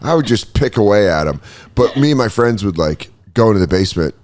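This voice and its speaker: A man's voice: lowish voice, big pitch swings, brisk, darkish tone. A man hosting a podcast, chatting casually and joking loosely, swearing freely. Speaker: podcast host. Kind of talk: casual chat.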